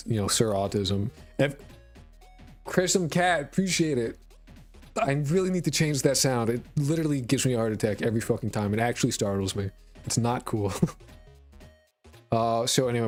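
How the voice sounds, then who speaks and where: Rambling profane streamer with a New York-Boston lilt. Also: male voice, medium pitch. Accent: mixed New York, Boston and Connecticut. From rural Connecticut, US. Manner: rambling, profane, self-deprecating. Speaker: game dev streamer. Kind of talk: casual live-stream chat.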